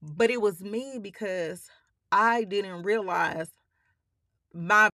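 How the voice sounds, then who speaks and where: Speaking slowly in a mid-range voice with a bright, forceful tone, a woman hosts a podcast recorded in clean studio sound without room reverberation. She emphatically and bluntly relates her own story to y'all listeners, cursing often as she struggles not to cry.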